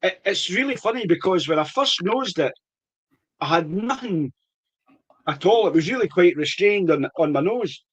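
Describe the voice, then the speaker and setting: Middle-aged Scottish man hosting a tasting chat; enthusiastic, fairly high voice. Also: lively intonation, normal speed, fairly bright tone, husky. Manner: chatty, laughs often, enthusiastic. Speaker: whisky tasting host.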